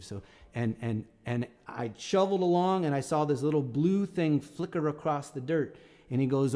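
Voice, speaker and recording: A man's voice: medium pitch, normal speed, a little mellow, in a large hall. A middle-aged man, a singer-songwriter on a live stream, telling a story in a casual and rambling way with many restarts. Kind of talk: casual spoken storytelling between songs.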